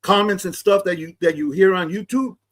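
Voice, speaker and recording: Middle-aged LA guy rambling about a clip, laid back, lots of slang, kinda high voice. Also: a little fast. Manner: laid-back street talk, heavy slang, frequent restarts. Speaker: vlogger reacting to a clip. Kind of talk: casual commentary.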